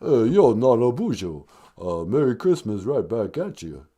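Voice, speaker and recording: A man's voice: medium pitch, big pitch swings, mellow, breathy edge. A man doing a mumbling tough-guy boxer. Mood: gruff. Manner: mumbling, halting, slurred tough-guy drawl. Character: gravelly tough-guy boxer calling in, male, middle-aged. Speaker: caller.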